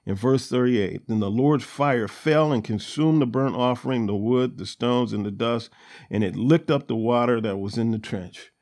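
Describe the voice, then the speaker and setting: A man's voice: medium pitch, moderate pace, a little mellow. A man hosting a Bible study, reading verses aloud and explaining them in a loose, everyday way with plenty of ums and uhs. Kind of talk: casual scripture teaching.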